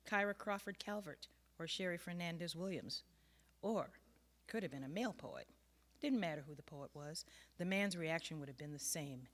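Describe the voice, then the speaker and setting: A woman author reading her own personal essay aloud in a measured, earnest way. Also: fairly low pitch.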